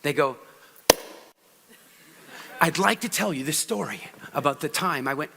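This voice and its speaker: Animated male speaker in a big hall. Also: a little slow, gravelly, long pauses, breathy edge. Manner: animated, demonstrates voices by shifting pitch and loudness. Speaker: public speaking coach. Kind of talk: stage talk to a live audience. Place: large hall with audience.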